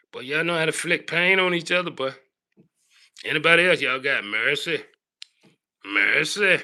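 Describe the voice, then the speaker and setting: A man ranting on his live stream in a very bright, sharp-edged voice. He preaches and scolds, dropping from low grumbles to raised calls. He keeps tacking "boy" onto his lines. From Southern United States. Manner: big swings between low grumbling and raised shouting. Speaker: livestream host.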